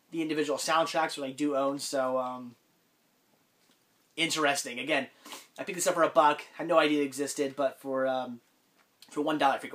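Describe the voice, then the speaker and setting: A man's voice: a little high, fairly bright tone. A man talking casually in a vlog about his haul, congested with a cold, rambling with frequent ums and restarts. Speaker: collector vlogger.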